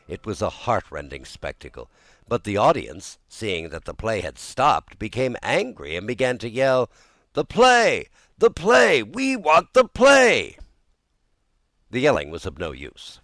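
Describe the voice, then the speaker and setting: A man giving an expressive, dramatic audiobook narration of a children's story. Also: lowish voice.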